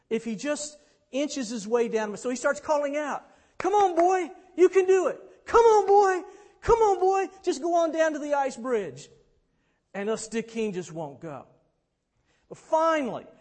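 A man preaching, a dramatic storyteller who swings from hushed to loud. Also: sits high. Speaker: pastor. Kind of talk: sermon storytelling. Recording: long reverb in a hall.

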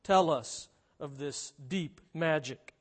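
A man reading the lines of a great, noble lion from a storybook in a grave, measured way. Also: a little high, in a large hall, voice pushed down.

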